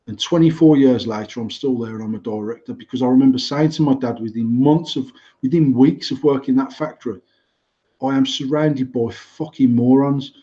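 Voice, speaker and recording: A man's voice: mid-range voice, brisk, hardly any pauses, dark tone, dull audio. A man in his forties from England, a company director co-hosting a podcast, talking bluntly with lots of swearing and restarts. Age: 40s. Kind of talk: casual chat.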